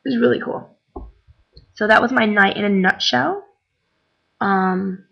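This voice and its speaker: Tired young woman rambling, gravelly. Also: medium pitch, measured pace, long pauses, soft background music. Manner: chatty, rambling, lots of "like" and "um". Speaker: vlogger. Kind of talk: casual chat. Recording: dull lo-fi webcam recording.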